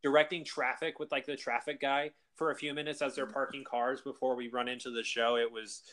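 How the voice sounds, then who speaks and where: A man's voice: mid-range voice, level tone, a little fast, a bit bright. A man, a convention organizer, chatting enthusiastically in a podcast interview with lots of fillers. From South Carolina. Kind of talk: casual interview chat.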